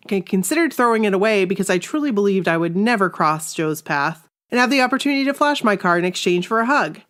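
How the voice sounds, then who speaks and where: A woman co-hosting a podcast, reading listener stories aloud in a casual, animated way and often laughing. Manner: animated, laughs often, jumps into high exclamations.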